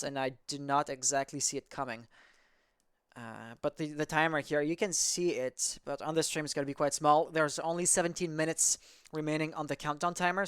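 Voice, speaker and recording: A man's voice: a little high, fairly bright tone, smooth, no room sound, clean studio sound. A man casting an amateur esports match in a casual, rambling way, often correcting himself mid-sentence. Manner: rambling, self-correcting, chatty. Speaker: esports caster. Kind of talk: casual game commentary.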